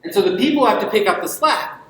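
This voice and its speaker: A man's voice: high voice, expressive, quick pace, a bit bright. Emphatic male lecturer in an echoey hall. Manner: emphatic, rhetorical questions, ironic asides. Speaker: invited university lecturer. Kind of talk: public lecture.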